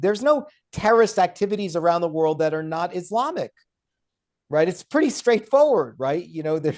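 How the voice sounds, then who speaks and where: Guy on a podcast making his case, forceful, keeps pushing his point. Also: fairly high pitch. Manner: emphatic and argumentative, with mocking quoted voices. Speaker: guest author and law professor. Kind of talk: podcast interview.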